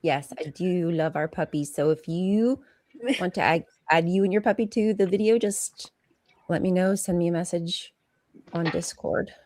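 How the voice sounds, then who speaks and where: A woman hosting a relaxed group chat, upbeat and quick to laugh. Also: lowish voice, dry recording. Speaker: host.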